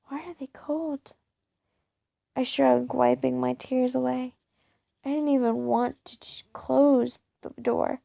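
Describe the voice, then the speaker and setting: A woman reading a first-person fan fiction story aloud in a plain, unhurried way. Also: high voice, fairly even intonation, creaky, warm tone, no room sound.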